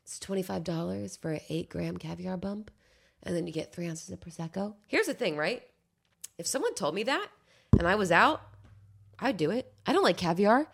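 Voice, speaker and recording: A young woman chatting casually as a podcast guest, animated and swearing freely, sometimes dropping into soft cooing whispers. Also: fairly low pitch, moderate pace, creaky. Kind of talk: casual chat.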